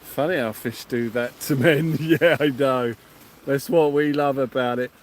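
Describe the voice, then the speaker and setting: A man's voice: medium pitch, steady tone, a little slow, slight background noise. A man hosting a night fishing livestream outdoors by the sea, effusive and thanking viewers by name. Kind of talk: excited livestream chat.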